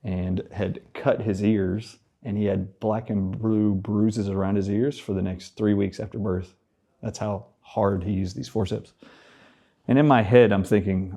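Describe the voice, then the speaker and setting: A guest on a talk show, a man telling a story in a low, warm voice. he speaks with animation and acts out each remembered line of dialogue in turn. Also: steady tone, measured pace. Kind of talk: storytelling in a conversational interview.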